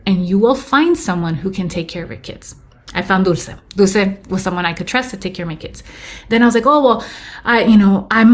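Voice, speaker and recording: Woman in her 30s, guest on a podcast, talks candidly, drops spanish words, even middle voice. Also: mid-range voice. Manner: candid, mixes in Spanish phrases. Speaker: podcast guest, business owner. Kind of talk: casual interview storytelling.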